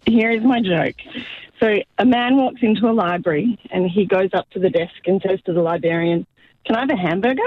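A woman's voice: medium pitch, fairly even intonation, a little fast, no room sound. A woman calling in from her car to tell a joke on the radio, eager and chatty. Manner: eager, chatty, a little flustered. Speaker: caller. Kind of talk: telling a joke on radio call. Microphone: phone. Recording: dull phone line.

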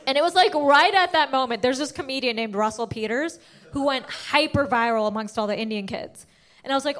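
A young woman with a high voice performs stand-up, spinning her stories with lively energy. She keeps shooting up into shrieking highs on the punchlines while the crowd laughs along. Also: a little fast. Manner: animated storytelling, jumping to shrieking high pitch for punchlines. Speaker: stand-up comedian. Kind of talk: stand-up comedy set. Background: audience laughter.

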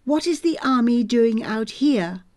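Woman voicing a tired captive soldier man, flat terse answers, slow mellow storybook read. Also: a little high. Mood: guarded. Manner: flat, terse, guarded replies. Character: weary captured male frontiersman soldier, guarded.

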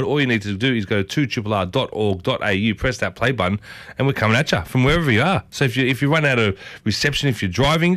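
A man's voice: medium pitch, a bit bright, no echo. An Australian man hosting a casual morning radio show, chatty and enthusiastic, often repeating his catchphrases, speaking from a radio studio. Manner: chatty and enthusiastic, repeats "I tell you what". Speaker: radio host.

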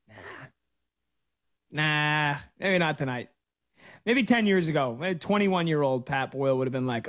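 A man in his thirties hosts a sports talk radio show with a loose, chatty storytelling style. His voice sits a little on the higher side and moves freely as he talks. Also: lively intonation, normal speed, fairly bright tone, dry recording. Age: 30s.

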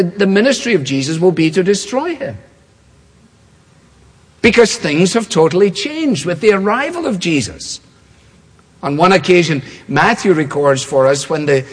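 A man preaching a sermon with an emphatic, repetitive cadence. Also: on the high side. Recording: long hall reverb.

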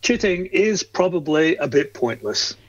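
A man co-hosting a gardening show, giving measured, instructive advice. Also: a little high, very animated, dry recording. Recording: dull lo-fi sound.

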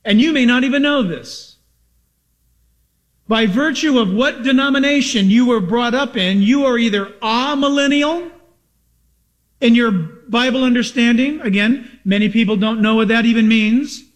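A man preaching a sermon as a pastor, emphatic and repetitive, asking rhetorical questions and sounding excited and over-caffeinated. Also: very high voice, normal speed.

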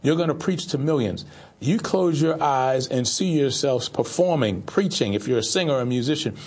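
A man's voice: mid-range voice, animated, moderate pace, darkish tone, husky. A man preaching a sermon as pastor, repeating rhetorical questions in an insistent way.

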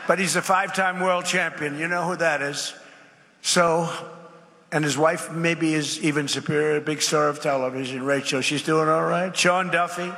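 A man's voice: on the high side, fairly even intonation, normal speed, pushed and bright. A man giving an off-the-cuff speech at a public event, repeating his points with emphasis and wandering into asides. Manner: repetitive, emphatic, rambling asides. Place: large event space. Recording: reverberant hall with faint ambience.

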